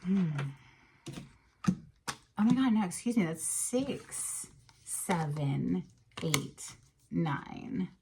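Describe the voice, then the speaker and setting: A woman giving a casual tarot card reading, chatty and emotional, sometimes dropping into breathy half-whispers. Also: lowish voice, expressive, drawn-out words, long pauses, noisy background. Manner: chatty and emotional, with frequent fillers and soft laughs. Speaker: tarot reader.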